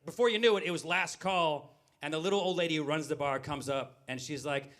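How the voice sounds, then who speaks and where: A man's voice: fairly high pitch, fast. A middle-aged man performing stand-up comedy in a brewery, telling stories and acting out the characters in them. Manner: animated storytelling, acting out characters in quoted voices. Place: brewery venue before a live audience.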